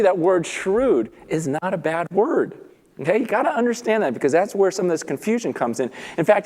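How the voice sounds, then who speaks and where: A man preaching a sermon, retelling a parable with lively storytelling and acted-out voices. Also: on the high side, long reverb tail. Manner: animated storytelling, acts out characters. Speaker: pastor.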